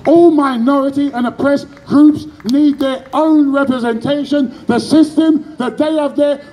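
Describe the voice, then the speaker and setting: An impassioned man, addressing a street protest. His raised voice rides very high yet sounds dark and mellow. He leads the crowd in call-and-response chants. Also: steady tone, unhurried, poor audio. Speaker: activist speaker. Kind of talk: protest rally speech.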